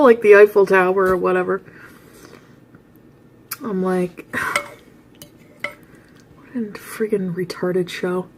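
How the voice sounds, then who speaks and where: A woman vlogger telling personal stories in a candid, confessional way, mostly low-key and quiet. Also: slight background noise. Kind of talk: casual storytelling to camera.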